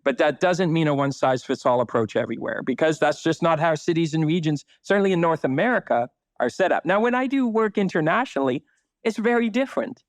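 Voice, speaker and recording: A man's voice: on the high side, animated, fast talker, dry recording. A man speaking as a city planner guest in a conversational podcast interview, emphatic and blunt, with occasional swearing.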